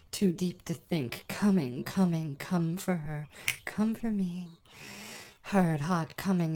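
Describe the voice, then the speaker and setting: A woman guiding a hypnosis session in a soft, measured, hypnotic voice, counting slowly. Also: on the low side. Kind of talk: slow guided hypnosis narration.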